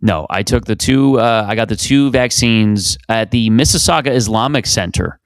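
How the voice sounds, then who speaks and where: Canadian man, 30s, low voice, dry close sound, rambling profane self-mocking podcast host. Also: moderate pace, smooth, no echo. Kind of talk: solo comedic podcast monologue.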